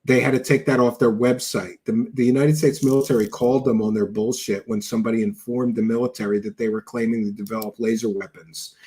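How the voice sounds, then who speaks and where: Sarcastic guy hosting a reaction show, mocking everything, mid-pitched voice. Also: flat delivery, fast talker, hardly any pauses, mellow, breathy edge. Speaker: show host reacting to clips. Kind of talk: sarcastic commentary over video clips.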